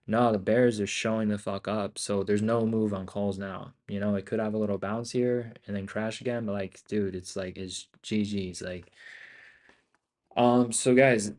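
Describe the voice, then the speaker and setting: A young man giving casual, profane, excitable commentary while trading live, often talking to himself. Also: on the low side. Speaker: day trader streaming live.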